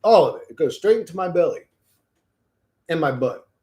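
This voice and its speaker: A man hosting a casual livestream, rambling and joking with a lot of swearing, swinging between low mumbles and loud bursts. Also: animated, moderate pace. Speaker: livestream host reading chat.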